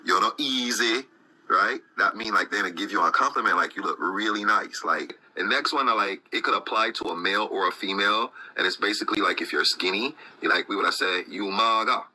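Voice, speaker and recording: A man's voice: sits low, fast, hardly any pauses, bright, forceful tone, slight background noise, rough recording. A man from Belize casually explaining local sayings, full of "like" and "you know".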